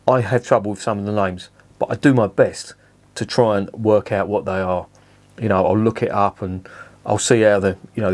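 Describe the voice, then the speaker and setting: Man, lowish voice, sweary blunt rant, casual beer review. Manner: sweary, blunt, animated ranting.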